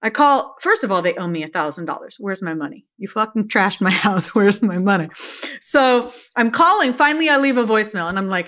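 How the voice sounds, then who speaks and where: Animated woman telling a wild story. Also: mid-range voice, fairly quick. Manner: animated storyteller, acts out quotes. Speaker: podcast guest. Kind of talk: storytelling in a casual interview.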